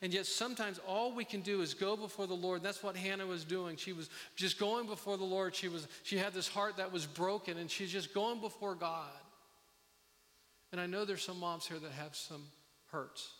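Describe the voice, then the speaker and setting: Earnest pastor in an echoing hall. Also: male voice, high-pitched, steady tone, fairly bright tone. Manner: earnest, halting with many restarts. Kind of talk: sermon. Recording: long reverb of a hall.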